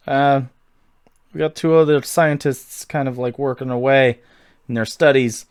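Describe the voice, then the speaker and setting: Clear-voiced man running a tabletop game. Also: medium pitch, fairly even intonation, measured pace, dry recording, studio quality. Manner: casual, chatty, rambling. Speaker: game master. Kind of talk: tabletop game narration and voicing.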